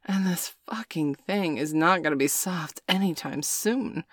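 A woman's voice: lowish voice, unhurried, no room sound, clean studio sound. A woman voicing a brash, dominant woman who is stoned and sweaty at a party, talking crude and laid-back. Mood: playful.

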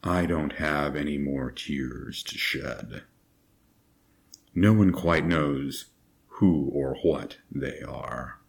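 A man doing an impression of a gruff, weary middle-aged soldier in his own deep, gravelly morning voice, with a slow, brooding delivery. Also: full character voice. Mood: grim. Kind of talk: character impression.

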